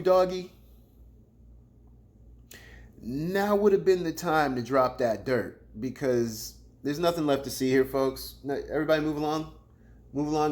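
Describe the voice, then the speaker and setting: A man hosting a casual battle rap commentary show, talking in slang and swinging between loud, playful jabs and low, muttered asides.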